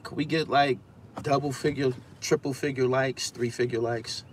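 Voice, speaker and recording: A man's voice: mid-range voice, fairly even intonation, normal speed, slight background noise. A man hosting a casual live stream, talking loosely and with profanity as he reads out viewer comments and gives his take. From Brooklyn, New York.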